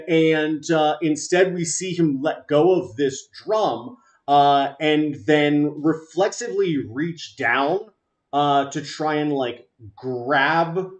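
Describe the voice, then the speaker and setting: A man narrating as game master of a tabletop game, halting and full of filler sounds. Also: a little high.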